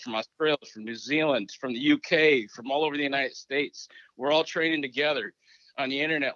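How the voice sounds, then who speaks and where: Animated man telling stories, lo-fi sound. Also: fairly high pitch, no echo. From Minnesota. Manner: animated, acts out remembered conversations. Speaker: interview guest, former hockey coach. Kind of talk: casual interview storytelling. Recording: dry, dull lo-fi recording.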